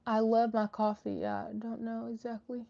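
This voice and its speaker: A woman's voice: on the high side, little pitch movement, moderate pace, vocal fry. Woman host, casual live chat, lots of "um"s, slightly dull lo-fi audio. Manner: chatty, many fillers and restarts. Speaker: livestream host reading chat.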